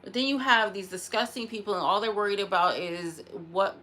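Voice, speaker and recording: A woman's voice: medium pitch, brisk, bright, forceful tone. Woman, vlogger, ranting, frustrated, sighing, repeats herself. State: upset, near tears. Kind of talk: casual vlog rant.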